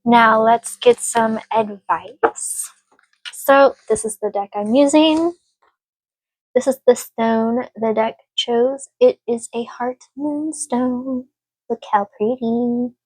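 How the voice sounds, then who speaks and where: A woman's voice: a little high, slow pace, husky, no echo. A woman giving a casual spoken tarot reading, earnest and emotional, speaking reassuringly to her listener. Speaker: tarot reader.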